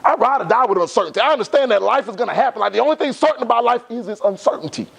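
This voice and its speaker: Fast, high-voiced motivational speaker man. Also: animated, creaky, a bit bright, a little hiss or hum. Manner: emphatic, repeats phrases for effect. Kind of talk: motivational talk to a live audience.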